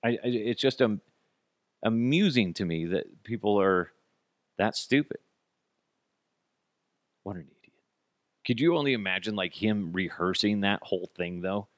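A man's voice: fairly low pitch, animated, moderate pace, no room sound, studio quality. A man hosting a podcast alone, giving blunt, profane, sarcastic commentary. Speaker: podcast host. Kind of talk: solo commentary.

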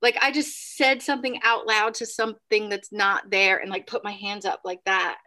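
A woman recounts a spooky hotel stay in relaxed, rambling talk, leaning on "like" and "right?". Her voice is bright and clear at a middling pitch, and she jumps high when she acts out a cry or a quote. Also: normal speed. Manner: animated, acts out quotes with sudden high bursts; many fillers like "like" and "right?". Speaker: podcast guest. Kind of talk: casual storytelling.

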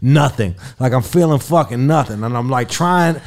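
A man tells a story in loose podcast chat. His voice sits at an ordinary middle pitch. His delivery is rambling, animated and comic, full of fillers and swearing. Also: normal speed. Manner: profane, rambling, lots of fillers.

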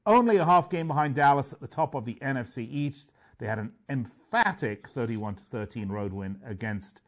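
A man's voice: mid-range voice, lively intonation, normal speed. A man hosting a sports betting radio show, chatting and joking, sometimes tripping over names.

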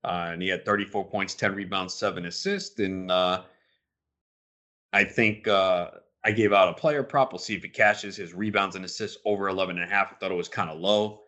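Low, bright-voiced man talking basketball. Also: fairly quick, dull audio. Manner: opinionated, rambling, animated when riled up. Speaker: sports betting podcast host. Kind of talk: casual podcast talk.

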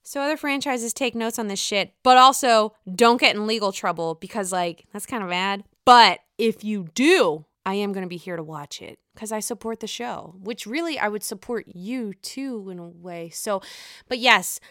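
Gushing, profane woman with a bright voice. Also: medium pitch, moderate pace, no echo, clean studio sound. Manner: gushing, gossipy and profane, swings from mutters to excited outbursts. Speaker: reality TV commentator. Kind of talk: casual chat.

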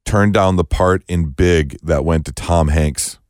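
A man's voice: deep voice, unhurried, dry recording, studio quality. A man co-hosting a podcast, sharing movie trivia in casual chat with playful disbelief. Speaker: podcast co-host.

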